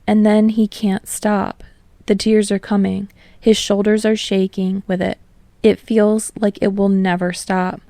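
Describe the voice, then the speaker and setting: A woman's voice: mid-range voice, flat delivery, measured pace, dark tone, no room sound. Woman reading a fan fiction audiobook. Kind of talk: audiobook narration.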